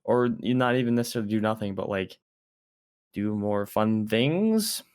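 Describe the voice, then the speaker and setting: A young man talks casually on a podcast, trailing off and restarting his sentences as he goes. His voice sits a little on the low side. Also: lively intonation, normal speed, a little mellow, smooth. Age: young adult. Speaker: podcast co-host. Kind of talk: casual chat.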